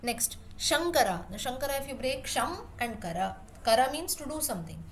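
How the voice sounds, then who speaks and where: A woman's voice: high-pitched, expressive, brisk, slight background noise. A woman teaching a class, explaining word meanings patiently and repeating terms as she rephrases. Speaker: Sanskrit teacher.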